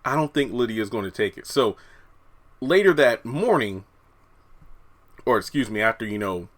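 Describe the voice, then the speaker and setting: A man at a mid-range pitch, neither deep nor high, talks through a TV trailer in loose, conversational commentary full of asides and fillers. He sounds slightly out of breath, recording in a hot room at home. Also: animated, moderate pace. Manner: rambling, conversational, many fillers. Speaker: TV review YouTuber. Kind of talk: casual commentary.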